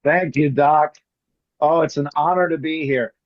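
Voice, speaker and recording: A man performing as a magician, telling jokey stories in quick comic patter over a video call. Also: a little high, steady tone, no echo, muffled recording. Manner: rapid joking storyteller, playful teasing. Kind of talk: comic patter on an online show.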